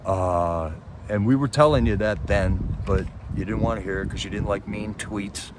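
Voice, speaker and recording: A man's voice: fairly low pitch, normal speed, background noise. A man hosting a livestream, ranting about politics in a casual, impassioned way and firing off rhetorical questions while answering his chat. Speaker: livestream host reading chat.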